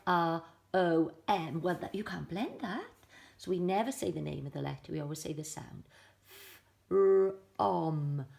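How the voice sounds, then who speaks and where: A middle-aged woman with a Welsh accent teaches young children phonics, slowly stretching out each sound. Her pitch swings widely in a sing-song way, with a slightly gravelly edge. She is recorded at home, a few feet from the camera. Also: darkish tone. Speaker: primary school teacher. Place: home, filming alone.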